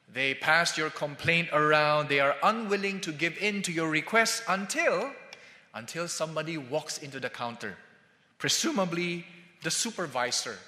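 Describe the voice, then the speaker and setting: Male pastor, sermon. Measured and emphatic, slightly high, with a bright edge. Echoing church hall. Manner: emphatic, with drawn-out stressed words and sudden drops in volume. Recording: echoey hall with long reverb.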